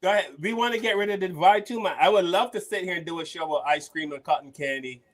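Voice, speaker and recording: A man's voice: high-pitched, quick pace. A man co-hosting a casual talk show, conversational, reading out and answering viewer comments. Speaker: co-host. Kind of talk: casual chat.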